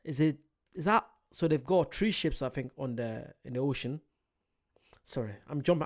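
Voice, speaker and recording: A man's voice: medium pitch, lively intonation, moderate pace. A British man hosting a reaction video, thinking aloud in a casual, hesitant way with many restarts. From Britain. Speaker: reaction channel host.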